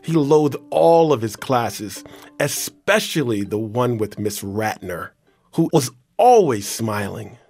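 A man reading a children's story aloud in a playful, expressive way. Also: medium pitch, takes it slowly, faint music behind. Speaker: story reader.

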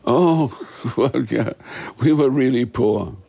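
A man, an actor, talking frankly and reflectively in an interview, now and then with a soft laugh. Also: mid-range voice, slow, vocal fry, husky. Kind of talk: candid interview conversation.

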